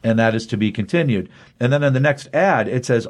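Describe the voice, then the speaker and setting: A man's voice: mid-range voice, lively intonation, fairly quick, hardly any pauses. A man co-hosting a comics podcast, retelling a comic's plot in a rambling, enthusiastic way. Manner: rambling, enthusiastic, filler-heavy. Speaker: podcast co-host, comics reviewer.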